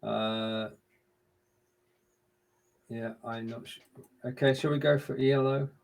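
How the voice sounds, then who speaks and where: A man with a gravelly voice, sitting at mid pitch, co-hosts a casual live-stream quiz. He keeps up a friendly quizmaster patter and murmurs half to himself as he fiddles with the on-screen controls. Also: steady tone, takes it slowly, rough recording. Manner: mutters to himself while working the screen share. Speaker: co-host running a live quiz show.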